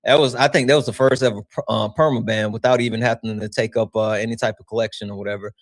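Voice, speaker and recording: Profane, animated male livestream host. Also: fairly low pitch, quick pace. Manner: profane, animated, laughing often. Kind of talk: casual livestream chat.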